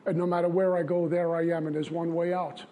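A man's voice: on the high side, level tone, a little fast, dark tone. A man from Brooklyn, giving an earnest, confessional recovery testimony in a repetitive style. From Brooklyn, New York. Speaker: recovery speaker.

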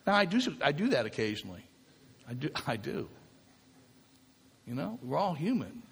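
A man with a slightly raised voice speaks to a recovery group in a loose, conversational way. He often pauses to ask "right?" and circles back over his words. His voice rings with a long reverb, as in a hall. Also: a little high, very animated, gravelly, slightly rough. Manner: conversational, often asks "right?" and repeats himself. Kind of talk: spiritual talk to a recovery group.

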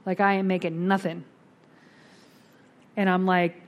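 A middle-aged woman telling her recovery story at a twelve-step meeting, candid and animated, acting out the voices of the people in it. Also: fairly low pitch, unhurried, pauses often.

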